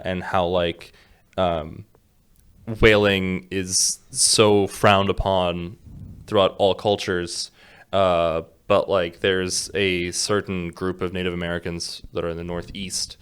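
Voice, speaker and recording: A man's voice: sits low, flat delivery, a little slow, a bit bright, smooth. A man in casual podcast chat, rambling through an explanation with frequent restarts and laughs. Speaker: podcast co-host.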